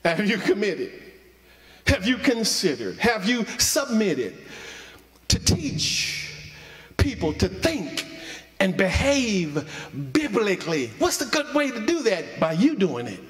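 A man delivers a sermon at a measured, unhurried pace, driving points home by repeating them. His voice sits fairly high, and a long reverb rolls through the sanctuary behind it. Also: huge pitch swings. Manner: preaching with emphatic repetition. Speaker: associate minister. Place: church sanctuary.

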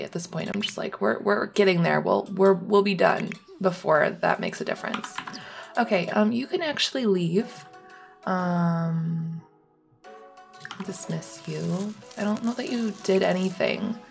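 A woman's voice: on the low side, a little slow, vocal fry, faint music behind. A young woman giving rambling, casual commentary on her own gameplay, full of ums and likes. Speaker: gaming YouTuber.

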